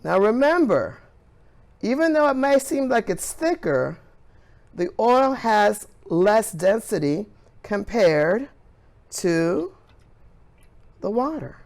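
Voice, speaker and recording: A woman's voice: medium pitch, big pitch swings, slow, long pauses, a little mellow. A woman science teacher leading a hands-on classroom demonstration in an enthusiastic, encouraging way.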